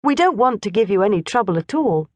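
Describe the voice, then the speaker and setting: A woman voicing a clever, smooth-talking English schoolboy who sounds earnest and overly polite. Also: medium pitch, sing-song, fast talker, no room sound, voice pushed up, lightly acted. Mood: ingratiating.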